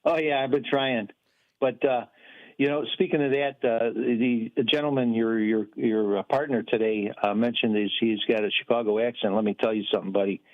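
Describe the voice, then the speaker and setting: A man's voice: mid-range voice, steady tone, fairly quick. Folksy male caller on a phone line. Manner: rambling, folksy, many fillers. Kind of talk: phone-in storytelling. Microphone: telephone.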